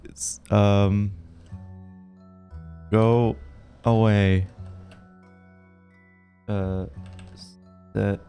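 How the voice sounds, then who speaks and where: A man streaming a text adventure game, casually reading the story aloud and pausing with fillers as he types his next moves. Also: on the low side, little pitch movement, warm tone, faint music behind. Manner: casual, reads game text quickly, trails off with fillers while deciding moves.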